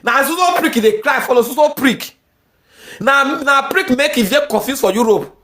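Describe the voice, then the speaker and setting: Woman, Nigerian accent, very high voice, angry repetitive rant, pidgin mixed with English. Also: lively intonation, moderate pace, a bit bright. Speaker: social media commentator. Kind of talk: heated ranting commentary.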